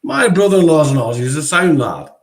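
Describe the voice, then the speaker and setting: A man's voice: on the high side, very animated, fast. A man hosting a casual livestream chat over a video call, ranting with heavy swearing. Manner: profane, ranting. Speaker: livestream host.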